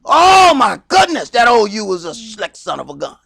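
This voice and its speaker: A man with a Southern US accent teaching a Sabbath Bible class in a loud, animated sermon style, acting out little skits. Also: high-pitched, normal speed, creaky, slightly rough. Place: congregation hall.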